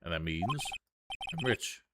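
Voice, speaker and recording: A man's voice: sits low, big pitch swings, unhurried, noisy background, pitched below the performer's own voice. A man voicing a pompous, flamboyant male circus magician in a video game read-along, with game music underneath. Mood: boastful. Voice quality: haughty, theatrical.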